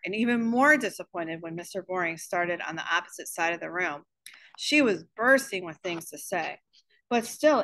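A woman teacher reading a children's novel aloud, giving the characters' lines their own voices. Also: medium pitch. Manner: expressive storybook reading with voiced dialogue.

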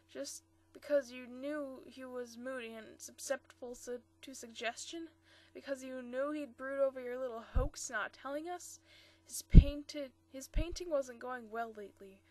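A woman's voice: high voice, a little mellow. A woman reading the part of an angry young man in a storybook, speaking harshly and accusingly. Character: angry young blond man, grieving fiancé.

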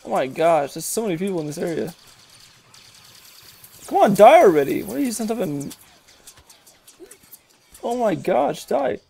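An excitable gamer narrates a shooter match with jokey commentary. The voice sits mid-pitch but jumps sharply upward when yelling at other players, and the delivery swings between quick mutters and loud outbursts. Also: vocal fry. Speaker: gaming commentator. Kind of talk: gameplay commentary.

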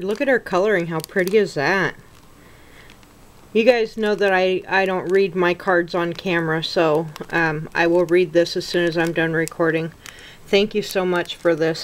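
A middle-aged woman crafter chatting to camera as she unboxes a gift package, gushing, gasping and close to happy tears. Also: fairly low pitch. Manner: slow, gushing, gasping and near tears with gratitude. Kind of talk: casual unboxing chat to camera.

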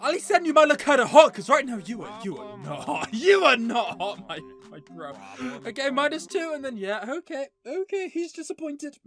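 A woman's voice: high voice, big pitch swings, moderate pace, few pauses, fairly bright tone, soft background music. A young woman commentating her play of a horror game, panicking, laughing and swearing at it. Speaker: gaming YouTuber.

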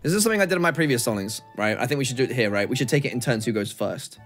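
A man co-hosting a let's play, excitable and joking, often repeating himself. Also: medium pitch, racing, soft background music. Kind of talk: casual gameplay co-commentary.

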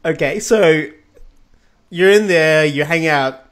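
Easygoing male interviewer, slightly high. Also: slow, a bit bright. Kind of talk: casual interview questions.

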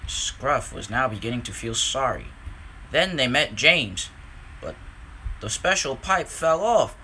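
A man narrating a storybook with a slow, lively, expressive reading. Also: mid-range voice, slight background noise.

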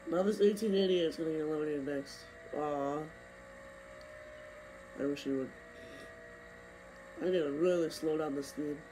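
A young man commentating his own racing game, excitable and complaining, saying he is losing his voice. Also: a little high, moderate pace, long pauses, noisy background. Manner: excitable, complaining, bursts of yelling. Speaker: gaming streamer. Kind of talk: live gameplay commentary.

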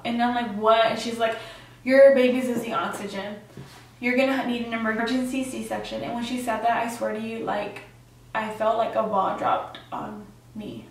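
A woman's voice: a little high, very echoey, recorded from a distance, rough recording. A young woman vlogger telling her personal story in a chatty way, with lots of fillers and acted-out quotes. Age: young adult.

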